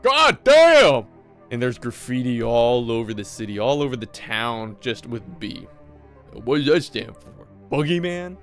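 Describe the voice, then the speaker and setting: Man recapping a movie, casual, swearing, joking, faint music under. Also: medium pitch.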